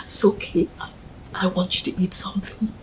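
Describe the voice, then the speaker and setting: An actress with a Nigerian accent playing a young woman softly comforting her grieving partner in a film. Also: medium pitch, unhurried, slight background noise, natural voice, low-quality recording. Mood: tender. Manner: gentle, coaxing, often whispering.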